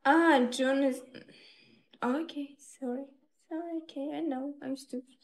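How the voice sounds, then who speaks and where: Young woman, live-stream chat, slightly high voice, slow, simple broken English. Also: steady tone.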